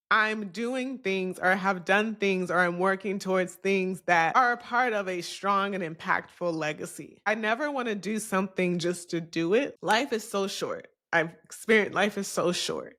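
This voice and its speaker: A woman hosting her own podcast, talking candidly and reflectively in a solo monologue. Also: medium pitch. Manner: candid and confessional, animated when quoting others. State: briefly emotional. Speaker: podcast host.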